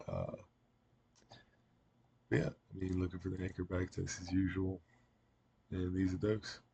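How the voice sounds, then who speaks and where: Low flat-voiced man rambling over charts. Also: unhurried, creaky, background noise. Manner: rambling, many fillers and restarts. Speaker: market analyst. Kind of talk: casual trading chart commentary.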